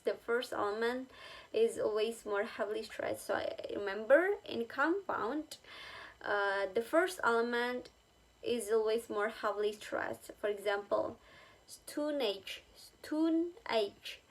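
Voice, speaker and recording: Slow, halting woman lecturing. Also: fairly high pitch. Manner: halting, with many fillers and repeated examples; checks in with the listener. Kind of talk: recorded linguistics lecture.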